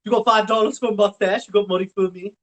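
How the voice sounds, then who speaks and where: A man doing an impression of a gruff male cartoon cop, mock-threatening and pushy. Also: steady tone, fast, a bit bright. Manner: mock-threatening, rising in pitch.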